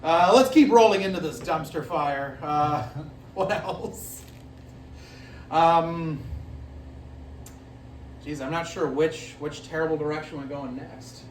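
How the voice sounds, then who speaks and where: A man's voice: on the high side, slow pace, pauses often, echoey room, recorded from a distance, slight background noise. A man doing rambling stand-up comedy that he admits he is making up as he goes, often laughing at his own jokes. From Italian-American family. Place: live comedy venue, heard from the stage.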